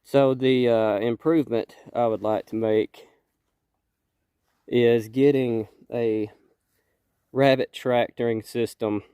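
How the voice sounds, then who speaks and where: A man with a nasal, congested voice from a cold, talking casually outdoors and explaining things in a relaxed way. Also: mid-range voice, takes it slowly, pauses often, smooth, dry recording, clean studio sound. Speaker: homesteader vlogger. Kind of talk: casual outdoor walk-and-talk. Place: outdoors at a rabbit pen.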